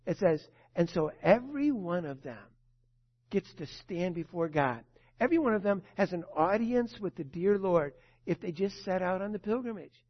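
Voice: mid-range voice, dull audio. A preacher giving a sermon, telling a story with emphasis and asking the listeners rhetorical questions.

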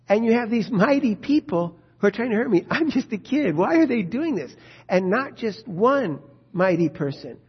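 Guy preaching, husky voice, fairly high pitched, fired up asking why over and over, dull lo-fi sound. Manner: impassioned, rhetorical questions. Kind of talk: sermon.

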